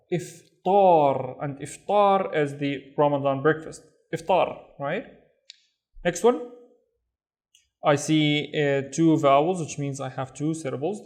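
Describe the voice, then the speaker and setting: Patient man teaching Arabic reading. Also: fairly high pitch. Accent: Saudi Arabic. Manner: slow, patient, repeats sounds. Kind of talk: reading lesson.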